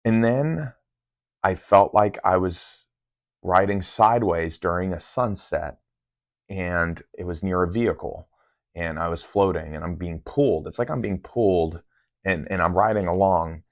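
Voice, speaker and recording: A man's voice: low-pitched, a little slow, no room sound. A man casually recounting his meditation sessions in a rambling way, full of ums and restarts. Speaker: meditation vlogger. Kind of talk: casual first-person recounting. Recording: dull lo-fi sound.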